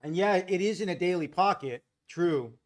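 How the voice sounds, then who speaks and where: A man's voice: high-pitched, moderate pace. A man hosting a live trading stream, talking casually and answering viewers from the chat by name. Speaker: day trading livestream host. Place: home in Costa Rica. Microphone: desk mic without boom arm.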